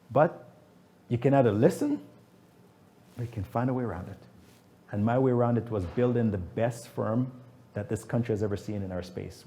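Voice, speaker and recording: A man's voice: medium pitch, dark tone, a little hiss or hum. A man, a business founder speaking as guest at a fireside chat, telling stories emphatically and acting out quotes.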